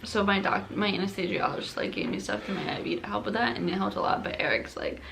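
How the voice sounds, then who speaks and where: A young woman with a gravelly, fry-tinged voice chats casually about her experience at home, laughing often and leaning on "like." A faint noise sits under the recording, and her voice has a medium pitch. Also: fairly even intonation, fast talker. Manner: chatty, laughs often, says like a lot. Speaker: vlogger telling her birth story. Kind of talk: casual chat. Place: home at night.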